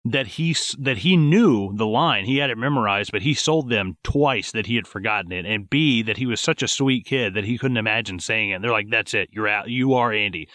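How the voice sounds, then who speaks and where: A man's voice: on the low side, brisk, hardly any pauses, no room sound, studio quality. A man co-hosting a movie podcast, telling stories bluntly with lots of swearing. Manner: blunt, profane, animated storytelling. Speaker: podcast co-host. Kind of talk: casual movie podcast chat.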